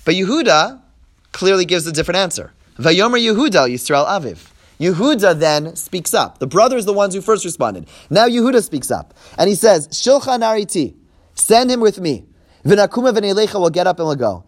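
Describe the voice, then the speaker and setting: In a sing-song voice that sits high, this man teaches a Bible text-study class at a fairly quick clip. He reads verses aloud and translates each line, acting out the quoted figures. He explains step by step, frequently checking in with "right?"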